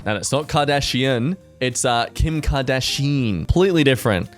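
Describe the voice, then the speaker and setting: A young man hosting a comedic reaction video, sarcastic and quick to laugh at his own jokes. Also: mid-range voice, animated, faint music behind. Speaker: reaction channel host.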